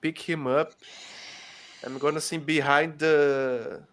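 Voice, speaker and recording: Slow deliberate male player. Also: fairly high pitch, steady tone, fairly bright tone. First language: Portuguese. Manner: deliberate, stating actions. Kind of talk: casual game talk.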